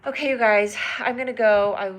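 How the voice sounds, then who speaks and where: A woman's voice: fairly high pitch, fairly even intonation, brisk, background noise. A woman hosting a casual phone live stream, bubbly and giggly, chatting with viewers and reading their comments aloud. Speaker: livestream host. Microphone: phone camera.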